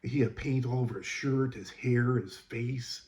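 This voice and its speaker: Mellow-voiced man telling a work story. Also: medium pitch, unhurried. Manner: rambling, exasperated recounting with many fillers. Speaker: school custodian. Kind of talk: casual storytelling.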